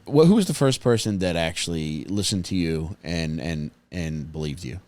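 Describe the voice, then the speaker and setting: Deep-voiced man in his forties hosting. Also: expressive, moderate pace, darkish tone, no echo. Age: 40s. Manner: laughs easily, asks playful follow-up questions. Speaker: podcast host. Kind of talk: casual interview chat.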